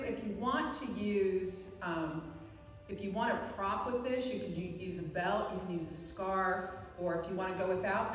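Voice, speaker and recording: A woman instructor guiding a live chair yoga class, with calm, encouraging cues and frequent reminders to breathe. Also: medium pitch, far from the mic. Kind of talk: live guided fitness class. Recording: echoey hall, voice from afar.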